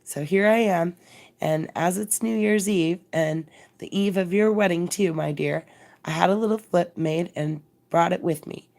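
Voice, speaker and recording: A woman reading the lines of a good-humored, effusive middle-aged woman who bursts in with warm wishes. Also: lowish voice, measured pace, creaky. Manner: gushing, emphatic.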